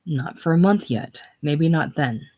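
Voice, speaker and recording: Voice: mid-range voice, expressive, a little slow, a little mellow. A curt, resentful businessman husband from an audiobook , read by the narrator. He answers short and defensive. The voice stays near the plain reading voice. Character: irritated middle-aged businessman husband.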